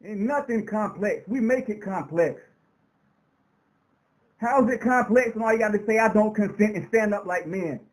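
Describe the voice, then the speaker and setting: Fiery high-voiced man preaching his point. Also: animated, normal speed, long pauses, rough recording. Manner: preacher-like, building rhetorical questions; repetitive, emphatic phrasing. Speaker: interview guest. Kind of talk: impassioned radio interview talk.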